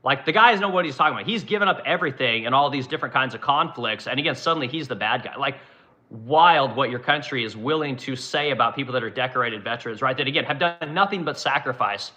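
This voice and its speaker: A man's voice: medium pitch, quick pace, bright, forceful tone. A man delivering a heated, profane political rant to his viewers, rambling and asking "right?" as he reads comments. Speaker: live-stream host reading comments.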